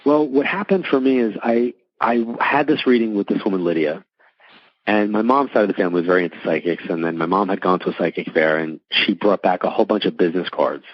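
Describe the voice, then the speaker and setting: Middle-aged man, husky voice, talking casually in a dry, close room, muffled sound. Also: sits low, fast talker, no room sound. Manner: chatty, many likes and restarts, acts out quoted voices. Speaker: psychic medium guest. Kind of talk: casual storytelling interview.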